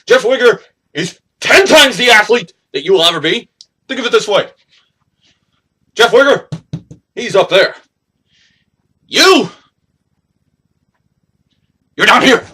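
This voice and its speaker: In a wrestling promo, a young man boasts and taunts, drawing out his slow trash talk. His very high, bright voice is animated with a breathy edge, and its pitch swings up and down.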